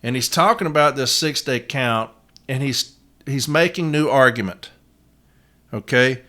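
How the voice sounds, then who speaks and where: A man's voice: medium pitch, measured pace, sharp tone. A man hosting a podcast, telling a story in a casual monologue and acting out the quotes, with frequent "uh" fillers. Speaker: podcast host, union advocate.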